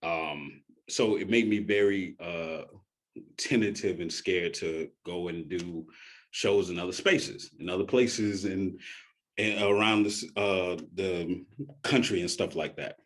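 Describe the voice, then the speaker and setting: A man's voice: low-pitched, takes it slowly. A man telling a personal story in a casual way, often laughing and acting out quoted voices.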